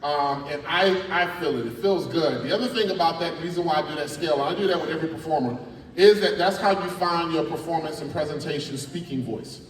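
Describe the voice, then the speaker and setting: Animated man teaching in an echoey hall. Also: a little high, brisk, far from the mic, a little hiss or hum. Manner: animated and playful, coaching the crowd. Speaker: spoken word artist teaching students. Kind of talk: lively workshop talk to a school audience. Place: large school hall.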